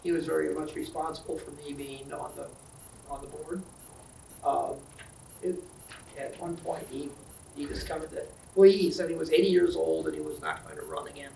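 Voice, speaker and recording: An older man and retiring county supervisor giving rambling, halting farewell remarks with many fillers at a board meeting. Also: on the high side, expressive, mellow, a little hiss or hum. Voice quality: gravelly. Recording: roomy, distant meeting-hall mic.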